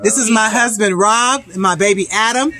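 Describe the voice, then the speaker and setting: A woman's voice: on the high side, moderate pace, bright, forceful tone. A woman in her fifties from California with a casual, exclamatory vlog manner, showing off fresh seafood outdoors at night. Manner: exclamatory, laughs often, chatty. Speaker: vlog host, personal chef. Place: outdoors at night, family gathering. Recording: crowd of family chatting behind.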